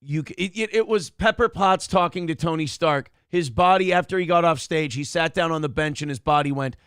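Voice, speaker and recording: Brief: male morning show co-host, animated, profane storyteller, slightly high voice, dry close studio sound. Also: brisk, clean tone, no echo. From Minnesota. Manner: animated storyteller, swears, acts out quotes. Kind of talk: casual storytelling chat.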